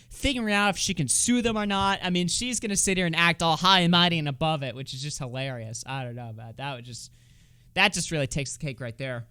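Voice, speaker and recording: A man's voice: high voice, fairly bright tone, smooth, no room sound, studio quality. A man doing casual livestream commentary, swearing freely and sarcastic, reading comments aloud. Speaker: streamer.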